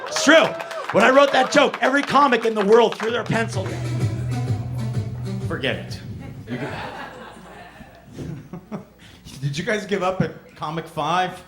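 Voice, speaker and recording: A man's voice: sits high, takes it slowly, pauses often, music in the background. A middle-aged man doing a stand-up set, rambling and profane, laughing at his own jokes. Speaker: stand-up comedian.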